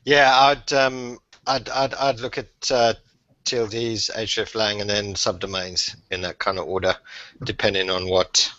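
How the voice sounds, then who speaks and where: Low flat hesitant man. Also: a little slow, no echo. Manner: hesitant, repeats words. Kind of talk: casual group chat over a call. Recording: dry, dull call audio.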